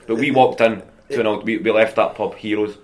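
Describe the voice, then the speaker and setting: A Scottish man with a somewhat low voice tells chatty stories as a podcast guest. He is animated and talks in a loose, casual way. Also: moderate pace. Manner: chatty, animated anecdotes with frequent laughing. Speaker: guest comedian. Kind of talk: casual storytelling.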